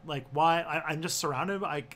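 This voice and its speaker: A man's voice: a little high, moderate pace, a bit bright, faint music behind. A man hosting a casual livestream, rambling with lots of fillers and restarts. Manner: rambling, full of fillers and self-corrections. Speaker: livestream host.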